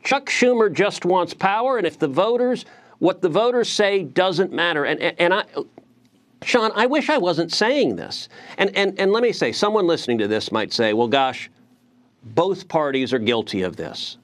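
Indignant middle-aged man, forceful senator. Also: high voice, sing-song, moderate pace. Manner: forceful, indignant, repeats words when starting. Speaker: senator, guest. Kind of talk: political TV interview.

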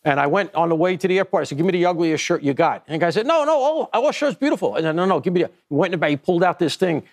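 A man's voice: fairly high pitch, steady tone, racing. A man who once worked as an undercover cop tells a story in a casual group chat. He keeps an easy, anecdotal pace, and his voice sits slightly above the usual male range. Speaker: panelist, former undercover cop.

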